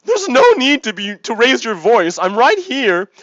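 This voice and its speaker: A man's voice: very high-pitched, sing-song, unhurried, a bit bright, no room sound, highs cut off, pitched above the performer's own voice, exaggerated voice. A man voicing an overly polite, pestering male sea lion who keeps asking questions in a mock-civil tone.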